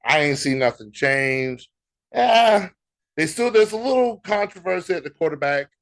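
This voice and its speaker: An American man co-hosting a sports podcast, talking in a casual, animated way with laughter and mock exasperation. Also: on the high side, moderate pace. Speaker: podcast co-host.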